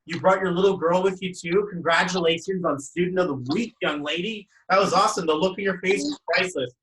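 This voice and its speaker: A man's voice: sits high, fairly quick, a bit bright, roomy sound, low-quality recording. A man hosting a casual group video call as a numerology coach, upbeat and effusive, rambling from one thought to the next.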